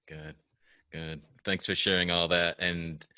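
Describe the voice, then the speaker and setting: A man's voice: deep voice, flat delivery, a little slow, bright, forceful tone, clean tone, no echo. A man hosting a podcast in a casual discussion, conversational and thoughtful, stammering into his questions. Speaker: podcast host.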